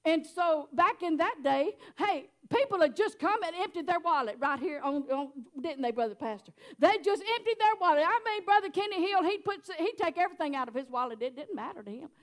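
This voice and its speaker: A high-pitched middle-aged woman with a drawl delivers a homespun sermon. She talks to the congregation like old friends, chatty and quick to laugh. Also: lively intonation. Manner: folksy, chatty, laughs often. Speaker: preacher.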